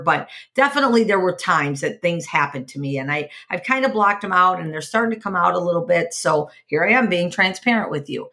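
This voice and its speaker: A woman's voice: lowish voice, a bit bright. A woman hosting a podcast, candid and confessional, repeating phrases for emphasis as she tells a personal story. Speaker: podcast host.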